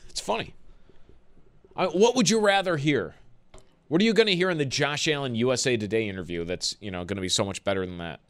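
A male sports radio host with a lively, swinging delivery, ranting about online overreactions with exasperated laughs. He talks fast and loose, in an easy conversational way. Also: medium pitch. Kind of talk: call-in sports talk.

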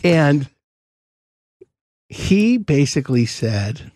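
A man telling a story on a casual podcast, with his pitch swinging up and down as he acts out the people in it. His voice sits slightly high for a man and sounds close and dry, with no room around it. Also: big pitch swings, drawn-out words, darkish tone, no room sound.

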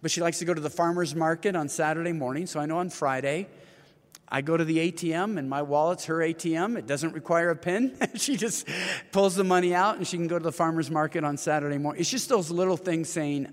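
A man in his fifties speaks in an earnest, storytelling way, his voice sitting a bit high for a man. The sound carries a long, roomy reverb. He is a guest in an interview conversation. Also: steady tone, a little fast. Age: 50s. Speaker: author and ministry leader.

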